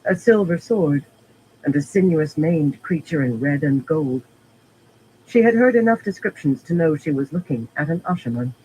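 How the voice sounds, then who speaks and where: A man narrating a fantasy audiobook in a steady, even reading. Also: on the high side, moderate pace, a little hiss or hum, poor audio. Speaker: audiobook reader.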